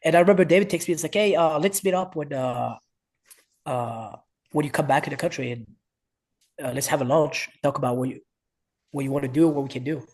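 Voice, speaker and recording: A French-accented man in his thirties tells a story in casual, slightly broken English. His voice sits a bit high. He jumps up in pitch to act out the people he quotes. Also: a little fast, pauses often. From France. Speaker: wrestling coach, guest.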